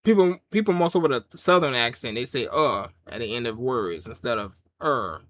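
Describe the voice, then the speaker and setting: A man's voice: mid-range voice, very animated, fairly quick. A man giving a casual watch-along review of a wrestling show, rambling through jokes and rants and laughing often. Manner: loose, joking rants with frequent laughs.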